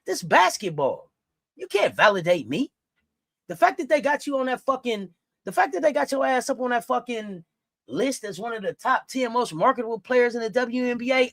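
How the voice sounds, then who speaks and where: Brief: profane sports commentator, fiery, lively pitch, dry room. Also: normal speed, vocal fry, no echo. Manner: fiery, profane, swings from quiet to shouting. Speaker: sports talk host. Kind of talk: heated casual commentary.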